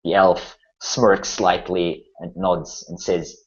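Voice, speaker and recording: A man narrating a tabletop game as game master, measured and relaxed, with occasional fillers. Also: low-pitched. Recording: muffled lo-fi recording.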